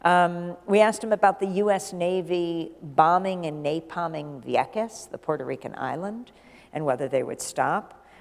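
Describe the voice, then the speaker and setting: A middle-aged woman journalist, a guest in an onstage conversation, telling a lively anecdote and acting out the dialogue. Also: lowish voice, moderate pace. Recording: long hall reverb.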